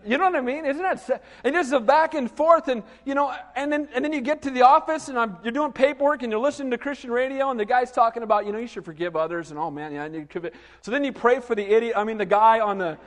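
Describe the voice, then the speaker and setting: A middle-aged man preaching a sermon, telling lively stories and asking the congregation questions. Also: very high-pitched, fast talker, few pauses, long reverb tail. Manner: animated storytelling with asides to the congregation. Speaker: pastor.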